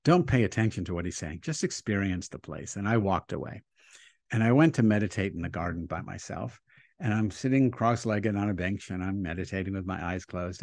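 A man with a lowish voice tells a story as an interview guest, animated and acting out the quotes. The sound is dry and close, with no room around it. He speaks as a rabbi in easy conversation. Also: no room sound.

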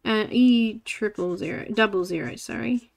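Medium-pitched with vocal fry, her voice moves at a moderate pace. She's a woman in her forties colouring on a livestream, keeping up casual chatter, talking to herself and saying hello to viewers by name.

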